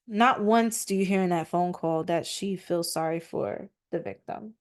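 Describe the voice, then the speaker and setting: A woman's voice: on the low side, takes it slowly. Female podcast host, conversational commentary with scripture readings, mic on a stand. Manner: chatty, frequent fillers, reads verses aloud. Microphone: microphone on a stand.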